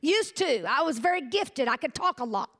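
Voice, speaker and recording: A woman's voice: high-pitched, lively intonation, normal speed, fairly bright tone. A woman pastor preaching a sermon, folksy and humorous, with asides to the congregation.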